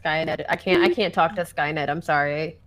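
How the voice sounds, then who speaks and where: A woman's voice: low voice, steady tone, fairly quick. A woman chatting casually on a voice call, wry and laid-back, swearing easily. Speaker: guest, joking co-host. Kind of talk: casual chat. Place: home, on a voice call.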